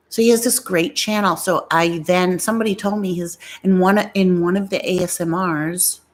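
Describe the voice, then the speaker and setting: A woman's voice: lowish voice, steady tone, measured pace. A middle-aged woman from New York, hosting a casual live stream with blunt opinions, many fillers and rambling tangents, into an ASMR microphone. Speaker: YouTube live-stream host.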